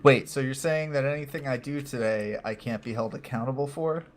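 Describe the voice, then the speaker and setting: A man from New Jersey with a faint Jersey accent, co-hosting a podcast and making teasing deadpan jokes. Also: medium pitch, fairly quick, a little hiss or hum. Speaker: podcast co-host. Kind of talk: casual chat while gaming on a livestream.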